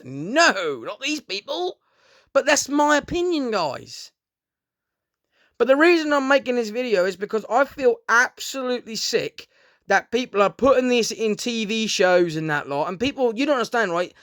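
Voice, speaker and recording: High-voiced, sweary man ranting. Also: big pitch swings, normal speed, a bit bright, no room sound, clean studio sound. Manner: rambling, heavy swearing, keeps addressing listeners as "guys". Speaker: vlogger. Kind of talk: casual unscripted monologue to camera.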